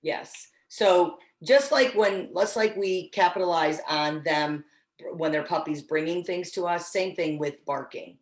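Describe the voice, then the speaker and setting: Woman dog-training instructor, lowish voice, casual and encouraging, echoey room. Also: unhurried. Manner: casual, encouraging, with frequent restarts. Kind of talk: online training class.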